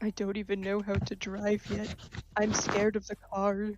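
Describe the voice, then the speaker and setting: A woman guest chatting casually on a podcast, telling stories in an animated, giggly way. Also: medium pitch, moderate pace, lo-fi sound, noisy background. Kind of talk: casual chat.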